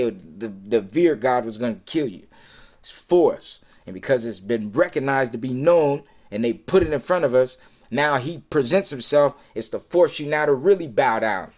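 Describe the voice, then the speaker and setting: On a live stream, a man delivers a heated, profane, rambling rant that keeps circling back and repeating itself, at times sinking to a low mutter. His voice is a little mellow.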